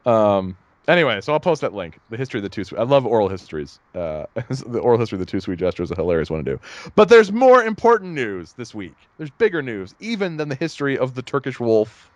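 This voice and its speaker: Male co-host, casual rambling chat, low-ish voice, dead dry recording. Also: fast talker, hardly any pauses, no room sound, dull audio. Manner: rambling, animated, laughs at own jokes. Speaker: podcast co-host.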